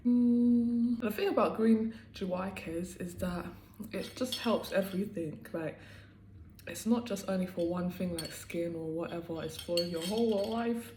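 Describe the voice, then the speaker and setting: A woman chatting casually while eating on camera, slow and drawn-out with bursts of excitement. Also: fairly low pitch, slight background noise. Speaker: mukbang vlogger. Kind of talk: casual eating vlog chat. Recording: echoey room with loud eating clatter. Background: clinking dishes and cutlery.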